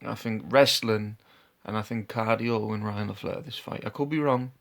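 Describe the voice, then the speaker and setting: A man's voice: on the low side, moderate pace, gravelly. A man vlogging his fight predictions in a casual, unscripted way, laid-back and hesitant, often trailing off and restarting. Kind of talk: casual talk to camera.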